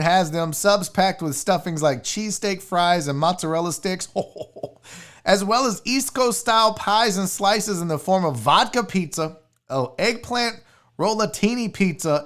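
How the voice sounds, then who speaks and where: A man's voice: sits high, fairly bright tone. A young man hosting a show, ranting casually about food with rowdy, profane, mock-angry outbursts. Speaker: sports show host. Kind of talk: casual livestream rant.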